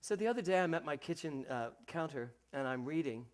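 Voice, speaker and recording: A man preaching a sermon to a congregation, animated, acting out the voices he quotes and speaking directly to his listeners. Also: a little high, fairly quick. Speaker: minister.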